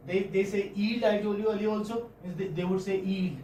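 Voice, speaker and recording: A man with an Indian English accent giving a classroom phonetics lecture, halting and often checking in with students. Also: high voice, flat delivery, warm tone, slight background noise. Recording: roomy classroom audio from far off.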